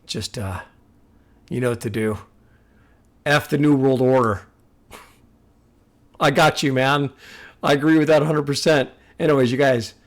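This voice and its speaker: Guy hosting a music reaction, earnest and preachy, says stuff twice, medium voice. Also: medium pitch. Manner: earnest, preachy, repeats himself. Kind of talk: casual reaction commentary.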